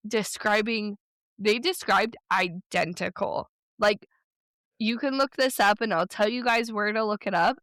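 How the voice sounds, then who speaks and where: Chatty woman podcast co-host, smooth voice. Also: mid-range voice, a bit bright, no room sound, clean studio sound. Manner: chatty, rambling storyteller with quick bursts. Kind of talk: casual podcast chat.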